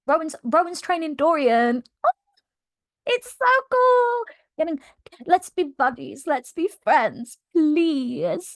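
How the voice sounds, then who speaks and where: A woman's voice: fairly high pitch, no echo, clean studio sound. Gushing young woman recapping a book. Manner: gushing, slangy, laughs often. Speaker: book vlogger.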